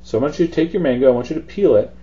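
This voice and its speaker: A man's voice: medium pitch, very fast, muffled recording. A man hosting a cooking demonstration, talking through each step in a chatty, easygoing way. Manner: chatty, relaxed instruction with fillers. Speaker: cooking show host.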